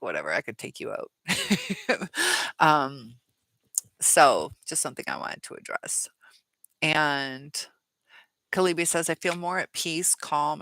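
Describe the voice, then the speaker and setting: Woman doing a live chat stream, reads comments out and chats back, gravelly edge, dry close sound. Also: deep voice, fairly bright tone, dry recording. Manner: reads viewer comments aloud and responds, chatty with many fillers.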